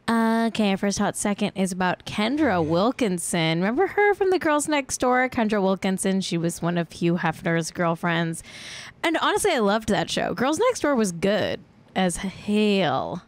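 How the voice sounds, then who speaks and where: A woman's voice: mid-range voice, very animated, normal speed. A woman in her thirties from California hosting a casual celebrity gossip chat, joking and laughing often. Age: 30s. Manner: chatty, jokey, laughs often. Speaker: podcast host.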